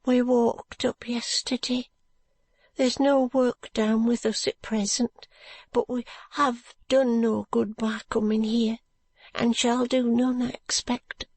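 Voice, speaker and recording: Storybook role: woman putting on a soft, high, sorrowful poor wife. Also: little pitch movement, takes it slowly, no room sound. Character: poor weary brickmaker's wife, grieving. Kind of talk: audiobook narration.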